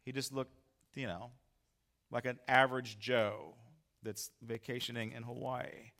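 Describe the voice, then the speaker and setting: A male pastor telling a story in a sermon, animated and acting out his own lines loudly. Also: medium pitch, clean tone.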